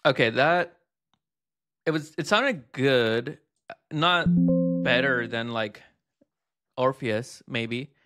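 A man in a relaxed review video, his voice bright and ringing. He chats at an easy everyday pitch, trails off into fillers and throws in quick asides. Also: faint music behind. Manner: chatty, thinking aloud with fillers and quick asides. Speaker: host reviewing text-to-speech tools. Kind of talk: casual hands-on review.

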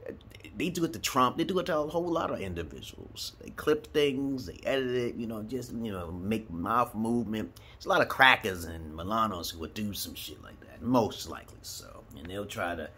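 A man's voice: fairly low pitch, lively intonation, moderate pace, sharp tone, a little hiss or hum. A man from Brooklyn talking to camera in a profane, rambling monologue. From Brooklyn, New York, USA. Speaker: vlogger.

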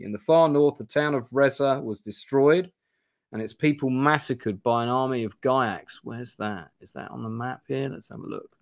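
A man hosts a live play-through, moving between reading aloud and casual asides. His mid-pitched voice is chatty and full of self-deprecating rambling. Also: moderate pace, creaky, no room sound, clean studio sound. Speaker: host reading a gamebook live. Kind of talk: live-stream play-through narration and chat.

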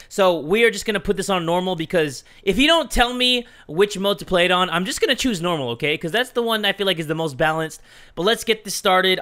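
A young man giving gameplay commentary, reading game text aloud and breaking into loud swearing outbursts. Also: high voice. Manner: reads game text aloud in a mock-dramatic tone. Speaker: gaming YouTuber.

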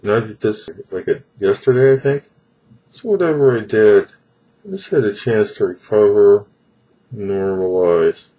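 A man talking himself through a home dental self-treatment on camera, halting and thinking aloud with many restarts. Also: fairly low pitch, expressive, dark tone, poor audio.

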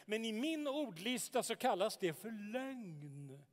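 A man's voice: high voice, big pitch swings, unhurried, long reverb tail. An actor in a radio drama playing a defiant young man in a heated, scornful family argument. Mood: arguing. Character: defiant young man arguing with his father.

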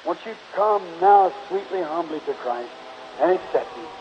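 A man's voice: sits high, expressive, moderate pace, darkish tone. A man preaching an altar call and closing in prayer, pleading fervently with the congregation at a church meeting. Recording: dull lo-fi 1950s tape, faint hiss.

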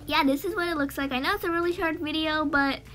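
A woman's voice: high-pitched, fast talker, fairly bright tone, soft background music. A woman hosting a game reaction vlog, teary and gushing, often trailing off and restarting her sentences. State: teary, near crying. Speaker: gaming channel host.

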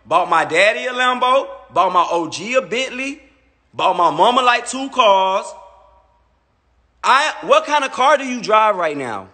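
A man's voice: high-pitched, very animated, a little slow, bright, forceful tone. A man in his thirties on a phone livestream, boastfully mocking a rival with repetitive jabs. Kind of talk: taunting livestream rant. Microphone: phone mic. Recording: long echoey reverb.

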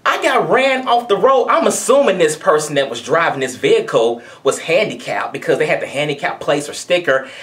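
A woman's voice: low-pitched, big pitch swings, brisk, hardly any pauses, fairly bright tone. A woman giving a blunt, conversational commentary rant to camera as a video blogger.

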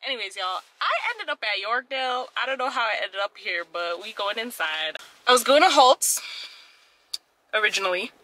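A young woman vlogging casually, chatty and expressive with lots of slang. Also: fairly high pitch, normal speed, low-quality recording. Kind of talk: casual vlog chat.

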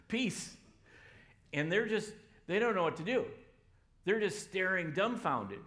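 A man preaching a sermon as pastor in a church, loud and energetic. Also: a little high.

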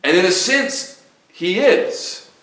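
Heard from afar in an echoey church sanctuary, a Southern-accented man preaches as pastor, earnest and emphatic, repeating phrases to drive them home. He speaks slowly in a high, expressive, fairly bright voice.

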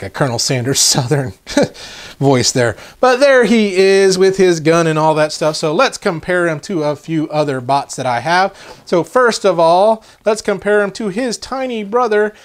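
A man's voice: a little high, smooth. A man giving a casual toy unboxing review, chatty and rambling, easily sidetracked.

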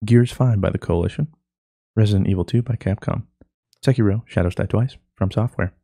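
Man, low-pitched, dry close sound, casual podcast co-host, sarcastic and rambling. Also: a little fast, vocal fry, dark tone, slightly rough, no room sound. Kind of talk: casual gaming podcast chat.

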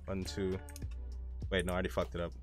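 A man's voice: low-pitched, monotone, quick pace, soft background music. A young man streaming a game live, rambling casually, reading chat aloud and swearing often.

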